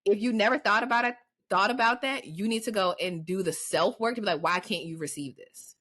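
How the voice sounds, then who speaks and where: A young woman on a podcast gives advice in an emphatic, conversational way. Her voice sits in a middle pitch. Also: brisk, fairly bright tone. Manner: emphatic, advice-giving, acts out quotes. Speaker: podcast co-host. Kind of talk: casual podcast chat.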